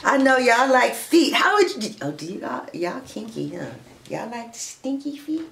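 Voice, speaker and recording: A woman's voice: on the high side, big pitch swings, normal speed, gravelly, fairly bright tone, echoey room. Playful, laughing woman tarot reader. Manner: playful, chatty, laughs often; addresses listeners as honey and darling. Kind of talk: casual tarot reading chat.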